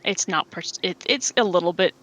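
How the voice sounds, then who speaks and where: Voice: medium pitch, moderate pace, bright, forceful tone. A game master narrating a tabletop game, rambling with many fillers and restarts.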